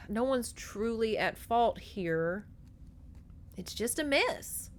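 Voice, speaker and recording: Animated, foul-mouthed woman recapping a novel. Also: fairly high pitch, very slow, a little hiss or hum. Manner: animated, profane, gossipy storytelling. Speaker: podcast host. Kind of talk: casual book recap with acted-out dialogue.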